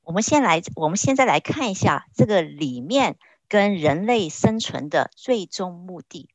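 A woman's voice: fairly low pitch, animated, moderate pace, dry recording. A woman interpreting a sermon phrase by phrase, sometimes hesitating as she searches for words.

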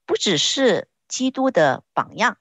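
Lively woman interpreting a sermon. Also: mid-range voice, unhurried, slightly rough, dry recording. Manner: searching for words, with frequent hesitations.

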